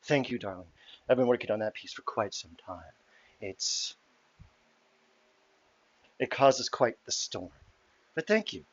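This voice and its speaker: A man's voice: medium pitch, animated, unhurried, pauses often, no echo, dull audio. A man doing a haughty, vain mermaid diva. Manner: snooty, condescending drawl.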